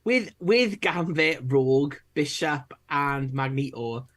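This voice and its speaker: A man co-hosting a live stream, chatting in a relaxed, measured way with fillers. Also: a little high. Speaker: co-host. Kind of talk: casual live-stream chat.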